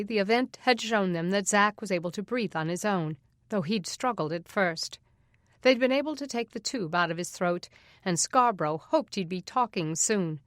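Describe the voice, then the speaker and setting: A woman's voice: mid-range voice, no room sound. Woman narrating an audiobook, close and dry. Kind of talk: scripted narration.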